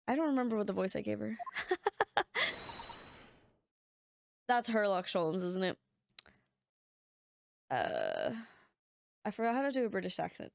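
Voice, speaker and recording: A woman's voice: medium pitch, wildly swooping pitch, unhurried, vocal fry, pauses often, slight background noise. A young woman streamer chatting casually and sleepily while playing a game and reading its lines aloud. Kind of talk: casual let's-play chat.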